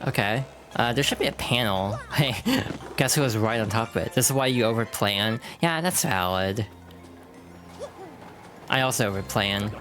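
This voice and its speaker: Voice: mid-range voice, animated, moderate pace, fairly bright tone. Chatty game streamer, casual and self-correcting, desk mic, faint music bed. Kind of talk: casual let's-play commentary.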